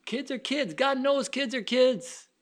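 A man's voice: very high-pitched, measured pace. A man preaching a sermon in a fervent, folksy way, weaving in personal stories.

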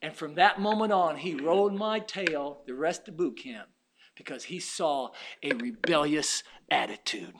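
Fervent high-voiced man preaching. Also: a little slow, fairly bright tone. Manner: fervent, folksy preaching with personal stories. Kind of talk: sermon.

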